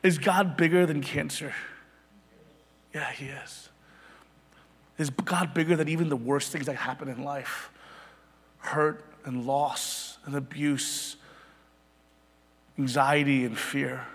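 A man in his thirties preaches with fervent conviction, rising to emphatic peaks and dropping to hushed near-whispers. His voice sits fairly high and carries a slightly husky edge. The long reverb of a church sanctuary trails after every phrase. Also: steady tone, slow, pauses often. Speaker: pastor. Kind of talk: sermon.

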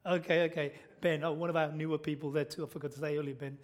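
A man gives a sermon in a church. His voice sits high for a man, and he keeps it conversational, throwing questions out to the congregation and checking in with "okay?" as he goes. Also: flat delivery, fast talker. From Britain. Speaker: preacher.

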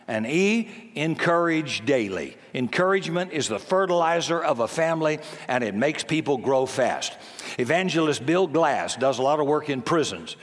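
A man in his 70s with a fairly high, fairly bright voice preaches in a folksy, emphatic style, often voicing the people he quotes. The recording has a long hall reverb.

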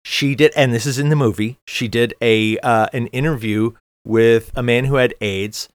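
A man's voice: medium pitch, fairly even intonation, clear, resonant tone, dry recording. A middle-aged man talks through a film in casual podcast chat. He stops and restarts his sentences, loading them with fillers. The sound is dry and close, with no room around it. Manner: halting, many restarts and fillers. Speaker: podcast co-host.

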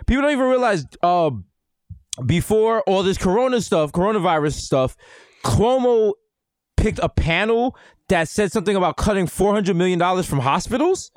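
A man's voice: high voice, expressive, normal speed, no room sound. A man co-hosting a comedy podcast, riffing and acting out voices in casual banter. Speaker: podcast co-host.

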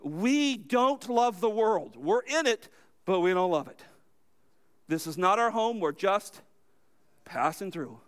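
A male pastor preaches a sermon emphatically, posing questions to his congregation and answering them himself. His voice moves between loud, high-pitched lines and low, hushed ones. The delivery is expressive and smooth, slow-paced, with long pauses.

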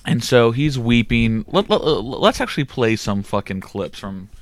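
A man hosting a crude comedy podcast, rambling and swearing in quick bursts. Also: mid-range voice, very animated, no echo. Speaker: podcast host.

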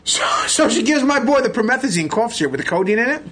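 A man, a podcast guest telling animated, profane stories and laughing as he goes. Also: extremely high pitch, fast talker, background noise. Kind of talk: casual storytelling.

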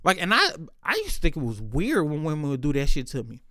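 A man with a higher-than-usual voice tells stories in a loose, candid, heavily profane monologue. He is recorded close and dry, with no room sound around him. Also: wildly swooping pitch, fast talker, sharp tone, no echo. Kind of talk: casual storytelling monologue.

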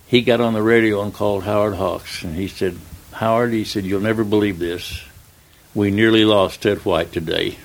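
An older man, a retired stuntman, telling a long anecdote in an interview, acting out the dialogue in plain, relaxed speech. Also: deep voice, creaky. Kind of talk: storytelling in an interview.

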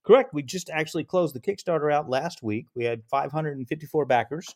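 Man, southern accent, smooth mellow voice, lively storyteller, dry sound. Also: fairly high pitch, brisk, dry recording. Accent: Southern American. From Alabama. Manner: animated anecdotal storytelling. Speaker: podcast guest. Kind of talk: casual podcast chat.

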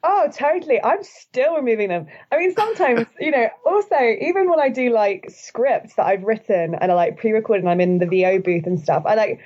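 A woman's voice: on the high side, expressive, a little fast, few pauses, darkish tone, breathy edge, highs cut off. Chatty woman with upward inflection. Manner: upward inflection, frequent likes and laughs. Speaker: guest, video host. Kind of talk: casual podcast conversation.

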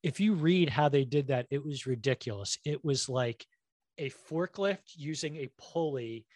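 A man in relaxed conversation tells stories with energy, full of fillers and asides. His pitch sits in the middle of the range. The recording is dry and close. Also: a little slow, no echo. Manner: animated anecdote telling with many fillers. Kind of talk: casual chat.

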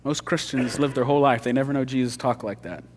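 A man's voice: mid-range voice, fast, slight background noise. Man preaching in a reverberant hall. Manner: dramatic swings from loud emphasis to hushed intensity. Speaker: pastor. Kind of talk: sermon. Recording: long church hall reverb.

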